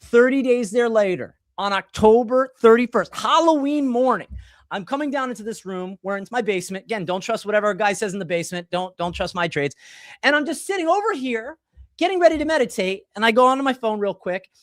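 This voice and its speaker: Man in his forties, podcast host, animated rambling storyteller, dry close sound. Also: extremely high pitch, fairly quick, no room sound. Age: 40s. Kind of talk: casual chat.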